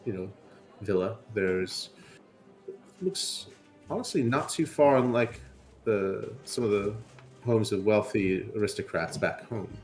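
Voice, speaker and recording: A man's voice: on the low side, unhurried, pauses often, darkish tone, soft background music. A man narrating a tabletop game as game master in a loose, conversational way.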